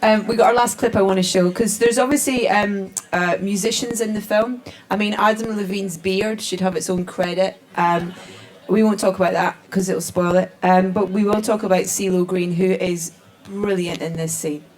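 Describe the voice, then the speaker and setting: A woman with an ordinary middle pitch, steering a live audience Q&A. She talks chattily, with plenty of ums as she moves things along. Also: steady tone, moderate pace, hardly any pauses. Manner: chatty, upbeat, filler-heavy. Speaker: event host and moderator. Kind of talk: hosting a cast Q&A. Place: live stage event with an audience.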